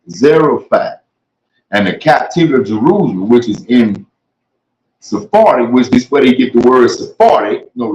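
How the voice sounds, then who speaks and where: A man giving casual street-style Bible teaching, reading verses and riffing on them in loose, slangy talk. His voice sits in a middle range and carries a noticeable echo from the room. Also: medium pitch. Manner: slangy, conversational, reads scripture aloud then riffs on it. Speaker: preacher. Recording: echoey room.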